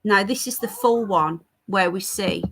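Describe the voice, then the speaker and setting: A woman's voice: mid-range voice, measured pace, a bit bright. A woman from the United Kingdom is hosting a casual live stream from her home. She talks straight to her viewers in a chatty way and reads their comments aloud as they come in. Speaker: livestream host. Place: home with a child nearby.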